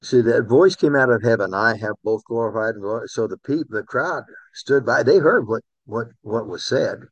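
A man's voice: medium pitch, moderate pace, hardly any pauses, slightly rough, dry recording, rough recording. A man preaching a sermon in a conversational way, calling on listeners by name. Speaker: pastor.

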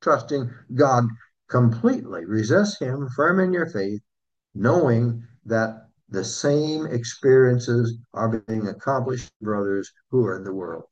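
A man preaching a sermon, earnestly asking his listeners questions and slowing down to read scripture. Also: mid-range voice, animated, muffled recording. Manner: earnest, asks the congregation questions, slows for scripture. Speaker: pastor.

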